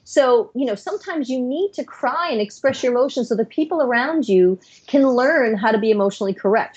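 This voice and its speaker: A woman's voice: fairly high pitch, muffled recording. A middle-aged woman, a psychiatrist guest on a podcast interview, explaining her views earnestly in long, flowing runs.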